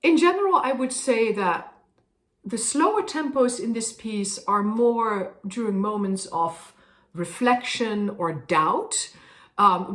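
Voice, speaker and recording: A woman's voice: medium pitch, fairly bright tone. Thoughtful woman singer in a roomy space. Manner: thoughtful, explanatory, with frequent fillers. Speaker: opera singer. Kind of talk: explaining her craft to camera. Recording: roomy echo.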